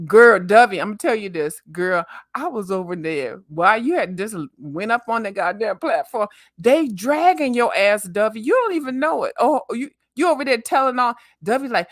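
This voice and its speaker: A middle-aged woman sounds off on a live call, loud and profane. Her fairly high voice swoops up and down as she rants, and the sound is dry and close with no room around it. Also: moderate pace, hardly any pauses, dry recording. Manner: loud, cussing, animated ranting. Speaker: YouTuber guest on a live panel. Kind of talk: profane livestream panel chat.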